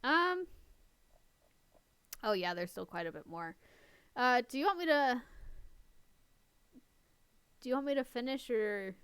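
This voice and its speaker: A woman's voice: on the high side, big pitch swings, unhurried, long pauses, a bit bright, clear, resonant tone, dry recording, studio quality. A woman reading a story aloud in a casual way, often breaking off to laugh and make chatty asides. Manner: giggly, chatty asides between passages. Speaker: reader and co-host.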